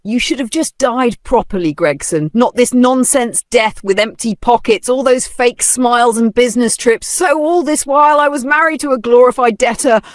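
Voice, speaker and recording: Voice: mid-range voice, normal speed, few pauses, dry recording, clean studio sound, voice pushed up, close to an everyday voice. A narrator voicing a furious, ruined widow who shrieks and curses in a storybook tale. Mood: raging. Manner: shrieking, cursing, melodramatic.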